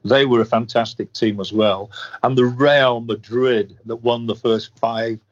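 A man's voice: medium pitch, fairly even intonation, unhurried. An older man with a Yorkshire accent, a veteran sports commentator telling stories of his career in an interview. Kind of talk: reminiscing interview talk. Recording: dull lo-fi podcast audio.

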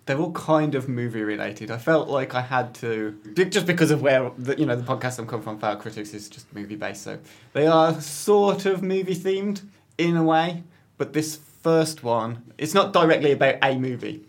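A man's voice: mid-range voice, animated, moderate pace. A man appearing as a guest on a podcast, chatting casually and a bit hesitantly about films he loves.

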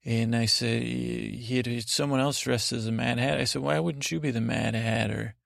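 A man hosting a podcast, telling a rambling, halting bedtime story in a gravelly voice. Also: medium pitch, dry recording, clean studio sound. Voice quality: gravelly, creaky. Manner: meandering, halting, monotone delivery. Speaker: podcast host.

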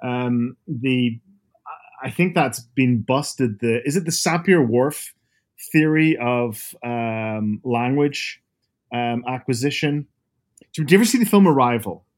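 A man in his fifties from Northern Ireland with a softened Northern Irish accent, chatting as a guest author over a video call and telling lively, animated stories. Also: mid-range voice, takes it slowly. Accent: Northern Irish, softened by years abroad. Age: 50s. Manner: animated storyteller, lively asides.

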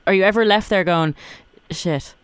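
Co-host guy asking questions, kinda high voice, smooth and dry. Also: moderate pace, a bit bright, no room sound. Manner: curious, asks questions. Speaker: podcast co-host. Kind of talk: casual chat.

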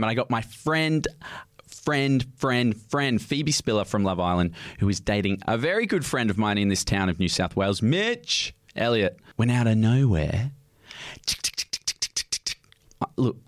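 A man hosting a podcast, telling a story in a chatty, animated way that jumps up suddenly in pitch. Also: normal speed, dry recording, studio quality. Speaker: podcast host. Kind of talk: casual podcast monologue.

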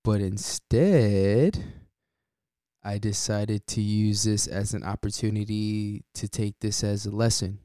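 A man hosts his podcast in a relaxed, unhurried way, often breaking into a short chuckle. His voice sits low and comes through smooth and resonant. The sound is dry and close, with no room in it. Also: no room sound. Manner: laid-back, chuckles often between points. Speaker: podcast host. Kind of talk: casual solo podcast talk.

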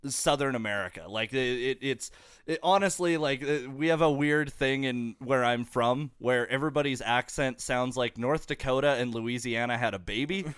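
A man's voice: mid-range voice, moderate pace, a bit bright, smooth, dry recording, clean studio sound. A man from Canada hosting a podcast in loose, profane, joking chat. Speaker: podcast host. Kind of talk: casual chat.

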